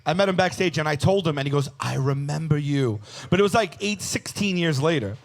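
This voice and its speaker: A man's voice: on the high side, fast. A man in his forties telling funny stories as a guest on a live podcast, joking and mocking himself. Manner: animated, joking, self-mocking. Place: live show on a cruise ship.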